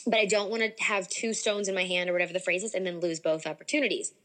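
Excitable young woman telling a story. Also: on the low side, quick pace. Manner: animated, many "like" fillers, excitable. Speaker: podcast guest. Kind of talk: casual storytelling.

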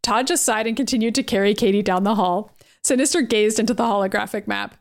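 A woman's voice: medium pitch, quick pace, creaky. A woman podcast host reading a comic-style story aloud in a playful manner. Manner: playful, often breaking into laughter.

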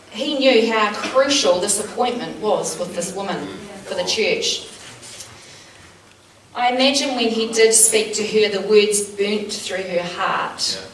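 A woman teaching a small church group, telling personal stories in an earnest, animated way with lots of fillers. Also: mid-range voice, slow pace. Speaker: church speaker. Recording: roomy sound from a distant mic, faint background noise.

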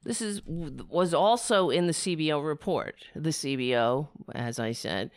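A woman hosting a political talk show, speaking in a sarcastic, rambling way while her voice is going hoarse. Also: deep voice, expressive, unhurried, no room sound. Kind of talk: casual opinion commentary.

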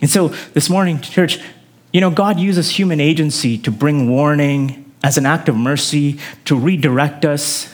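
A man preaching a sermon in an earnest way, his emphasis climbing on key phrases and then dropping low. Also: normal speed. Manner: earnest preaching with rising emphasis and sudden drops. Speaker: pastor.

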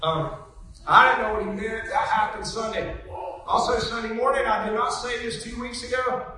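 A woman telling stories in a sermon, chatty and animated, laughing as she goes. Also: fairly high pitch, normal speed. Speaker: preacher. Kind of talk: storytelling sermon. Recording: echoey church hall, mic from a distance.

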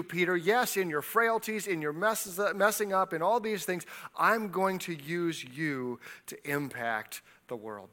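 A man preaching a sermon, retelling a story with lively voices for its people and dropping quiet for personal appeals. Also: fairly high pitch. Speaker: pastor.

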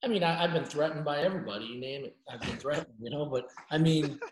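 A middle-aged man talks bluntly and at length as a podcast guest, restarting his sentences as he goes. His voice sits a little high for a man. The room around him sounds echoey. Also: fast talker. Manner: blunt, rambling, restarts often. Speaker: journalist guest. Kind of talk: casual podcast interview.

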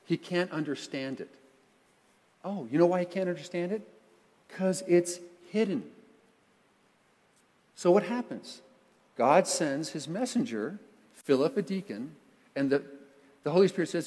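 A man preaching a sermon to his congregation, playful and animated, who acts out quotes and makes sound effects. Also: a little high, normal speed, pauses often. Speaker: pastor. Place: church sanctuary. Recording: long church reverb.

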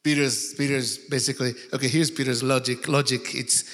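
A man preaching a sermon, telling the story in an animated way with acted quotes. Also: mid-range voice, brisk, few pauses, long reverb tail. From Uganda. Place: church.

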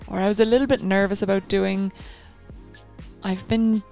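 A woman's voice: medium pitch, steady tone, moderate pace, vocal fry, darkish tone, faint music behind. A woman coaching a guided running session, chatty and encouraging, given to rambling asides.

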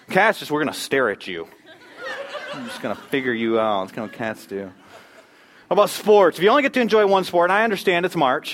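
A pastor moves from church announcements and prayer into a joking sermon opener, playing a game that quizzes his congregation. He's upbeat and playful, with a fairly high, slightly bright voice.

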